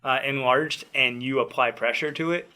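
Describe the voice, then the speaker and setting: In a relaxed chat, a man who trains tricking athletes recounts a personal story with lots of laughter, animation and loose cursing, speaking at a normal speed with a medium pitch.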